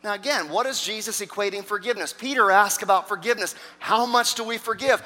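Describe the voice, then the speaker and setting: A man, a pastor, preaching a sermon with emphatic repeated phrases, swinging from loud to hushed. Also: sits high, fast. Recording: long hall reverb.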